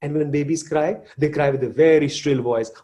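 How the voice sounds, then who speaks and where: A man's voice: fairly high pitch, steady tone, normal speed, warm tone. A man, giving a live motivational talk and addressing the audience directly. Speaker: motivational speaker.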